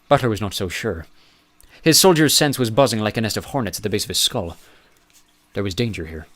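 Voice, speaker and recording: A man reads a novel aloud in a measured, even way. His narration is steady and unhurried between the character voices. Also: lowish voice. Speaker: audiobook narrator. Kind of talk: scripted narration.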